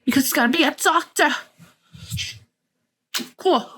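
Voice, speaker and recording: Her voice sits high and sounds sharp, and she keeps a measured pace. A Mexican-American woman hosting a podcast, she mixes Spanish phrases into her English while swapping gossipy stories, candid, sarcastic and full of swearing.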